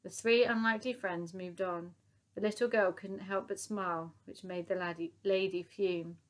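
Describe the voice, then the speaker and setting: A woman narrating a children's novel as an audiobook, telling it in a lively, expressive way. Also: medium pitch, moderate pace.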